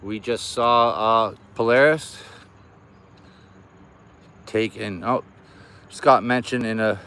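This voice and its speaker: A man's voice: lowish voice, fairly even intonation, slow, bright, forceful tone, clear, resonant tone. A middle-aged man, chatting casually on a live stream outdoors near an air base and greeting his viewers by name.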